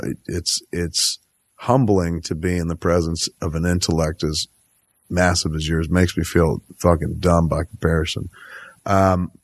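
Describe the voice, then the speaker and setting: Low-voiced, gushing podcast host man. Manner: effusive, heavy swearing, rambling. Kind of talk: casual interview chat.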